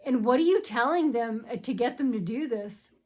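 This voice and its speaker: A woman with a fairly high voice talks straight to her vlog audience. She rambles and circles back to the same complaints again and again. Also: lively intonation, normal speed, darkish tone. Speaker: vlogger.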